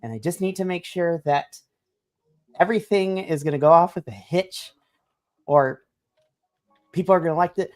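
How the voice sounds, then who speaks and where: A man's voice: fairly high pitch, moderate pace, long pauses, darkish tone, lightly acted. A woman voicing a frazzled young male chef who is polite, apologetic and flustered in a tabletop role-play. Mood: anxious.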